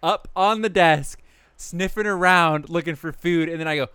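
Young guy, chill and laughing a lot, smooth clear voice, dry mic. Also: on the high side, moderate pace, no room sound. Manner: relaxed, laughs often, tells anecdotes. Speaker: roommate in a casual chat. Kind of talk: casual chat.

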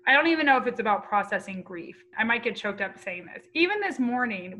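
A woman in her thirties talks openly as an interview guest. Her voice sits a little high, with a bright, forward tone. She speaks with feeling, telling personal stories plainly. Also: poor audio. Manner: candid, heartfelt, storytelling. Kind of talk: emotional personal interview talk.

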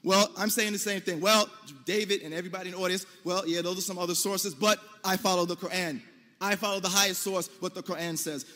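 An American man with a high voice argues his case in a debate, emphatic and forceful, sometimes rising to near-shouts. His voice carries a long reverb from a large hall. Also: steady tone, fast. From United States. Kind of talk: debate speech.

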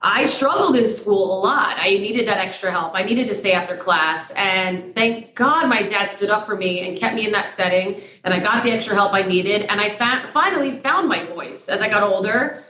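A woman's voice: mid-range voice, normal speed, few pauses, roomy sound, a little hiss or hum, poor audio. A middle-aged woman, a radio host telling stories in a casual interview and acting out quoted exchanges. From Poughkeepsie, New York. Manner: lively storyteller who acts out quoted exchanges.

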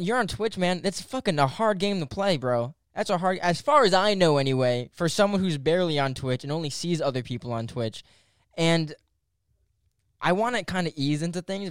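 A young man hosting a new podcast, chatting casually and excitedly, cursing and using lots of fillers. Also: a little high, smooth, no echo, clean studio sound. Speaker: podcast host.

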